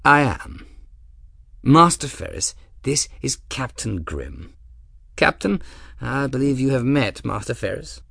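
A dignified lord, voiced by a male narrator, speaking in a low-key, patient way, each word measured. His tone rises and falls expressively over a dry, close reading. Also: very animated, creaky, fairly bright tone, dry recording, heavily acted. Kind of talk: audiobook character voice.

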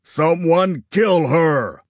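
A man's voice: on the high side, extremely slow, no echo, studio quality, voice pushed up. A man voicing a cruel, commanding nobleman in an audiobook, barking harsh orders. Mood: angry. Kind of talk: audiobook character voice.

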